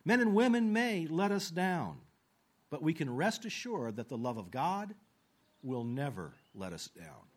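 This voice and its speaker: A man preaching a sermon, earnest, slowing down for scripture and falling low at the ends of phrases. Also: very animated. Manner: slows down for quoted scripture.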